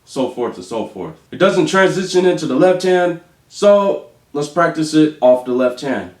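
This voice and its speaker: A man teaching drum rudiments, calling out stickings and counting beats aloud slowly. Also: a little high, very animated, music in the background. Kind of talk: instructional demonstration. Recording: echoey room with faint noise.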